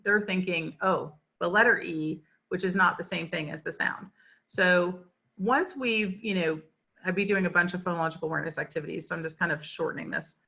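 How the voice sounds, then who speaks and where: A woman's voice: mid-range voice, bright, forceful tone. A woman teaching literacy in a webinar lecture, chatty and explanatory, with frequent fillers. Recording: dull lo-fi webinar audio.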